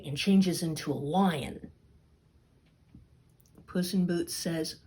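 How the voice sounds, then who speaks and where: A woman storyteller telling a fairy tale aloud, expressive and dipping into whispers. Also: low voice, breathy edge. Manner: slow, expressive, dips into whispers. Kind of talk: storytime narration.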